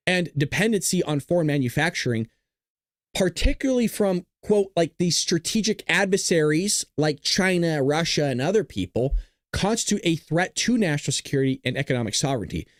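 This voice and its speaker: A man's voice: on the high side, big pitch swings, fairly quick, no echo, clean studio sound. A man hosting a live political commentary stream, talking casually to his chat, jokey and profane. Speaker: livestream political commentary host.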